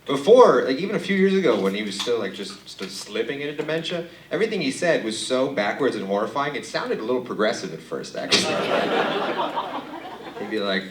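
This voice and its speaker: A young man from Romania performing a stand-up comedy set on a club stage, with a dry, deadpan delivery that jumps into sudden animated bursts. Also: mid-range voice, fairly quick. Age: young adult. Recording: echoey club recorded from a distance, loud noise. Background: audience laughter.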